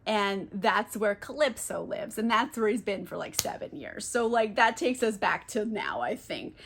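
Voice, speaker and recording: A woman's voice: medium pitch, animated, moderate pace, vocal fry, a bit bright, a little hiss or hum. A tipsy woman retelling a classic book as a casual comedic recap, rambling, swearing and giggling. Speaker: book vlogger.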